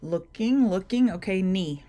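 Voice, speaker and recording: A woman's voice: mid-range voice, animated, measured pace, dark tone. A woman hosting a live market-prep stream, talking through charts and greeting viewers by name in a chatty way. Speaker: trading show host.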